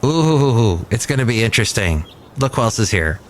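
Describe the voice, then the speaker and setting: A man's voice: mid-range voice, sing-song, moderate pace. A man in his fifties hosting a casual podcast from a cafe, rambling and self-deprecating, thinking aloud as he goes. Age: 50s. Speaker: podcast host. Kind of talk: casual nostalgic podcast chat.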